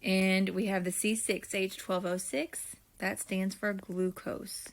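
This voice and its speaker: Woman, teacher, video lesson, slow deliberate delivery, friendly, thinks aloud as she writes, middle pitch. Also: flat delivery. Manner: friendly, addresses students directly. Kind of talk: classroom video lesson, filling in notes.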